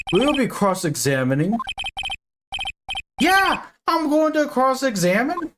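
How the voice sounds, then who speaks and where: Animated woman reading a game aloud. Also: high voice, slow pace, long pauses, noisy background. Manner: animated, joking, swears casually. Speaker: gamer playing and voicing a story game. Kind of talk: casual let's-play commentary and reading aloud.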